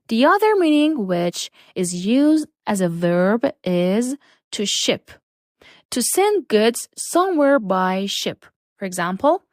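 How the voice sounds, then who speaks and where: A woman teaching a lesson, reading out words and example sentences slowly and deliberately. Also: mid-range voice, no room sound, studio quality. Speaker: English teacher. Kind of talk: slow, careful English lesson.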